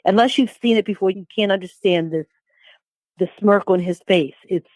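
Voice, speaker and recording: A woman in her sixties giving a personal testimony as an interview guest, halting, with repeated words and restarts. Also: medium pitch, a little mellow, dry recording. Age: 60s.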